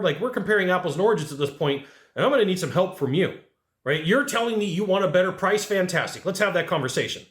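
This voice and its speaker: A man teaching sales negotiation in a casual, animated way, acting out clients and asking rhetorical questions. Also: high voice, a little fast, reverberant. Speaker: sales trainer. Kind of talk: casual sales training talk.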